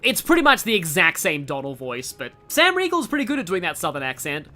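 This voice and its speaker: A young Australian streamer talks through a game in a bright, lively voice, bouncing up and down in pitch. They ramble eagerly, trail off and start again, keeping the talk loose and casual. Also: a little fast. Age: 20s. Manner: chatty and enthusiastic, trails off and restarts a lot.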